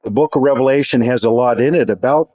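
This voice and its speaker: A man teaching a Bible study in a measured, reflective way, pausing and restarting as he explains. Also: mid-range voice, mellow, no room sound.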